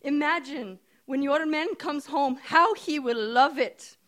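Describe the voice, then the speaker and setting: A woman's voice: sits high, slow pace, a bit bright, voice pushed up. A woman voicing an eager, dramatic Indian shopkeeper woman with an Indian accent. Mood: enthusiastic.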